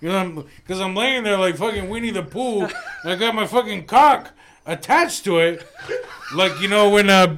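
A man with a bright, slightly high voice tells a crude story on a comedy podcast. He swears freely and gets animated as he goes. It is casual chat between friends. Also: normal speed, a little hiss or hum. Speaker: podcast co-host.

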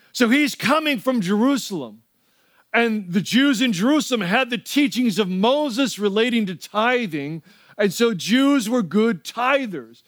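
A man's voice: high-pitched, fairly bright tone, no echo, clean studio sound. A middle-aged male pastor preaching a sermon, telling stories in a conversational way and prompting the audience to respond.

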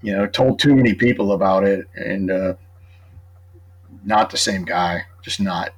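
A middle-aged man talks as a guest on a casual chat show, laying out his argument one point at a time. His voice is husky and sits a little low. He keeps talking, piling detail on detail. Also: a little slow, poor audio. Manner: talkative, builds his case point by point. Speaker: author and true crime guest. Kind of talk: casual podcast conversation.

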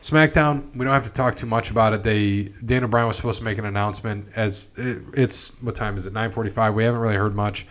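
A man in a relaxed podcast chat, speaking in a slightly low voice. He rambles, restarts sentences and leans on fillers as he recaps events. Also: fast talker, hardly any pauses. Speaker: podcast host. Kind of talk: casual chat.

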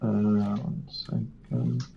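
A man's voice: lowish voice, level tone, drawn-out words, vocal fry, highs cut off, background noise. A man playing a tabletop game, hesitant and playful, with frequent restarts. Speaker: player.

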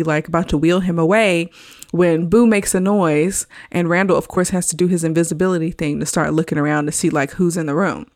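A woman's voice: lowish voice, dry recording. Woman podcast host, chatty recapper, laughs through the story, dry close mic. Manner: chatty, laughs often while retelling scenes. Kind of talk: casual movie recap.

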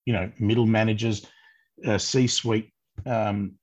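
A man's voice: on the low side, fairly even intonation, slow pace. An Australian man co-hosting a coaching podcast, easygoing, with dry humor. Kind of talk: casual chat.

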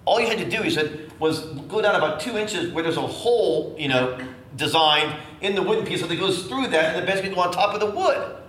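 A middle-aged man preaching as a bishop, telling a personal story in an animated way and acting out the voices. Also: high-pitched, a little fast. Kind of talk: storytelling sermon. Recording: echoey room with faint noise.

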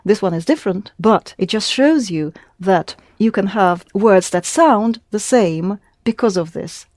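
A woman's voice: medium pitch, expressive, unhurried, darkish tone, no echo, clean studio sound. A woman teaching a lesson in English, explaining patiently and prompting her student with questions. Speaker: Russian language teacher. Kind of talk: one-on-one language lesson.

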